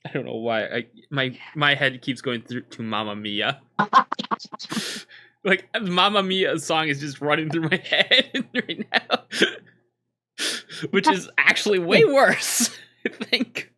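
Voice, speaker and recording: A man's voice: on the high side, lively intonation, slow, bright, forceful tone. A man co-hosting a podcast, chiming in with playful, laughing reactions in casual chat.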